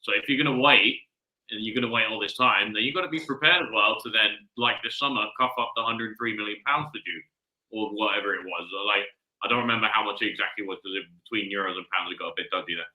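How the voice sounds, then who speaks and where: Low man with a rambling echoey voice. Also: quick pace, bright, forceful tone. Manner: rambling, searching for words. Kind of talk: casual live-stream chat. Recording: echoey room.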